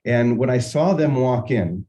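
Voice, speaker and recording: An older man hosting a morning spiritual session, musing unhurriedly and telling a personal story with gentle humor. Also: mid-range voice, lively intonation, measured pace, rough recording. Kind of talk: reflective spiritual talk with storytelling.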